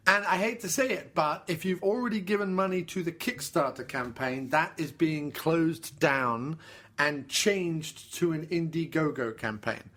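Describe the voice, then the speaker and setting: A man's voice: on the high side, measured pace, bright, forceful tone. A man co-hosting a casual film podcast, talking enthusiastically with lots of "uh" fillers and repeated pleas. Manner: enthusiastic, pleading, frequent fillers. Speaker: podcast co-host.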